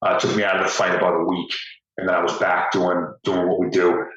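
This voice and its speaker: A man speaking as a podcast guest in a fairly low voice, plain and understated. He sits back from the mic in a very echoey room. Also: level tone, fast, a bit bright, far from the mic, dull audio. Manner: matter-of-fact, understated. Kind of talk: interview storytelling.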